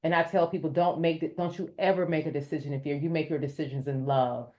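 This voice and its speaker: A woman who is a podcast guest, telling her story in an animated way and raising her voice to act out what others said. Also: low voice, fast. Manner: addresses listeners as "y'all". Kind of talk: storytelling in an interview.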